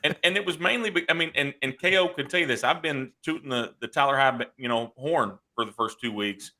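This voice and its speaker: Bright-voiced sports co-host. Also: male voice, medium pitch, a little fast. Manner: excitable, restarts often. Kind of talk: casual sports talk.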